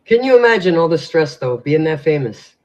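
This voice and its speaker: Brisk and a little high, with big swings in pitch, this man co-hosts a laid-back advice show in podcast-chat style. His stories wander and are crammed with fillers, captured in dull lo-fi audio.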